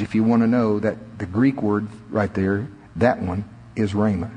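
A man preaching a sermon, with sudden climbs in pitch and slow, drawn-out emphasis. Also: fairly even intonation, dark tone. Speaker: pastor. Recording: echoey hall reverb.

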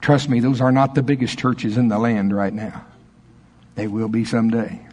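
A man preaching a charismatic sermon, fervent, dropping to low murmurs and rising to excited storytelling. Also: moderate pace. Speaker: pastor.

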